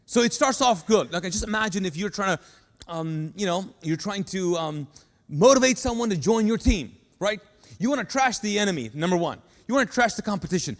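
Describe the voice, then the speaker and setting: A man preaching a sermon to a congregation, animated and talking to the room, acting out the lines he quotes. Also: high-pitched, fairly quick. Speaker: pastor. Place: large church hall. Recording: live sermon with long hall reverb.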